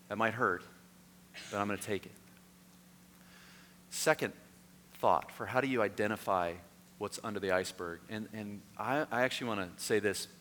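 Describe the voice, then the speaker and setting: A male pastor delivers a sermon, alternating lively, animated anecdotes with hushed, earnest appeals. His voice is bright and forceful, somewhat low. It rings with long reverb in a large hall over a faint hum. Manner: animated storytelling, voices and shouts in anecdotes, then quiet and earnest.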